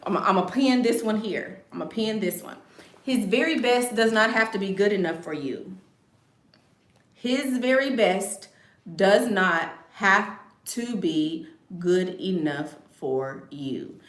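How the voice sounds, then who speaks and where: A woman's voice: medium pitch, expressive, slow pace, roomy sound. A woman hosting a casual livestream, giving blunt advice in a sassy, joking way and laughing often.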